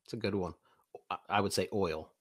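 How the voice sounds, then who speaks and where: A man's voice: fairly low pitch, steady tone, fast talker, fairly bright tone, breathy edge. A man in his forties, a voice actor guest, talking in a laid-back, blunt, joking way. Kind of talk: casual interview chat.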